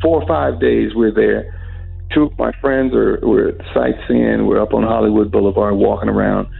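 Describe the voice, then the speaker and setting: Raspy gravelly guy telling a story in an interview, does all the voices, tinny phone sound. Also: on the low side, moderate pace. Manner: animated storyteller acting out quoted dialogue. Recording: phone-like narrow band with faint music.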